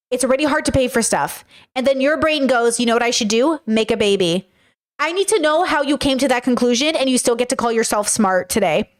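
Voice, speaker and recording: Woman commentator, slightly high voice, candid and rambling, swears casually, addresses viewers directly. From United States. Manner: frank and rambling, swears, talks straight to viewers. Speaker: commentator reacting to a reality show.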